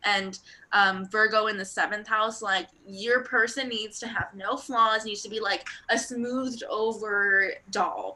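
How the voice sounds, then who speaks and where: A young woman co-hosting a casual astrology chat, rambling through readings with lots of fillers. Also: medium pitch. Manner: rambling, filler-heavy, animated. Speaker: astrologer co-host.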